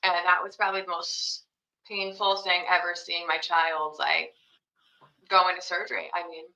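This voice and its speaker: A woman's voice: lowish voice, flat delivery, moderate pace, bright, forceful tone. A young woman, a mother, answering interview questions in a casual, rambling way full of fillers. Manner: rambling, heavy on fillers like "you know" and "like". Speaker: podcast guest, young mother. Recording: roomy, dull lo-fi sound.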